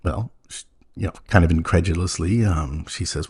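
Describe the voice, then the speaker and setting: A man hosting a comedy podcast, telling a story in a halting, earnest and naive way, full of ums and you-knows. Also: low-pitched, a little mellow, slightly rough. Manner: earnest, wide-eyed naive. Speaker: podcast host playing a naive character.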